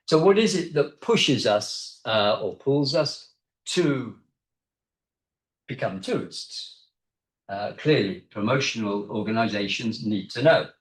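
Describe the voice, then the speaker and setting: A man's voice: mid-range voice, animated, slow. Man giving a seminar in an echoey room. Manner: conversational, explanatory, with frequent hesitations. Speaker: guest lecturer. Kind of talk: academic seminar talk.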